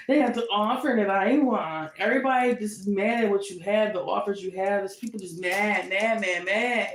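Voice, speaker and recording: A woman's voice: mid-range voice, unhurried, noisy background. A woman giving a casual tarot reading, speaking emphatically and scolding with indignant rhetorical questions. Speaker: tarot reader. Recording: echoey room.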